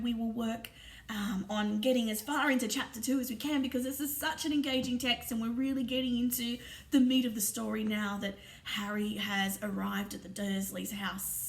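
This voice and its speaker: A woman reading a storybook aloud in an expressive, often hushed narrating voice. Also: on the high side, creaky. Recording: roomy echo, distant mic, faint ambience.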